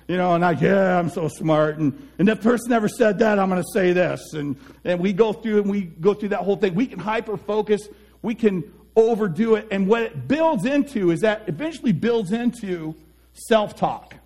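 A man with a high, light voice gives an earnest motivational talk as a life coach. He speaks with animated energy and slips into the voices of the people he quotes. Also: normal speed.

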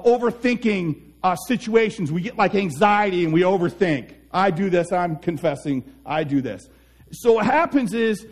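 A man with a high, light voice gives an earnest motivational talk as a life coach. He speaks with animated energy and slips into the voices of the people he quotes.

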